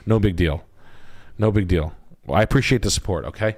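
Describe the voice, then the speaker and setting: Guy streaming, kinda low voice, rambly and swears a lot, jokey. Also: animated, very fast. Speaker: livestream host, realtor. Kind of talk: loose, crude banter on a live stream.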